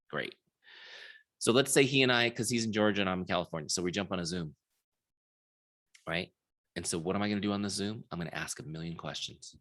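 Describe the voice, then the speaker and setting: Leading a live sales training over video call, this software founder tells stories, performs the quoted dialogue, and frequently checks in with his audience. He has a fairly low pitch with a fairly bright tone.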